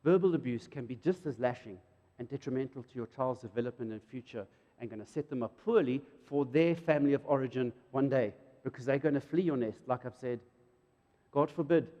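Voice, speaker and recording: A middle-aged man, preaching a sermon in an animated way and acting out quotes. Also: a little fast, highs cut off. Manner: animated, jumps to loud high emphasis and acts out quotes. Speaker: pastor. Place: church hall. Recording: reverberant church hall.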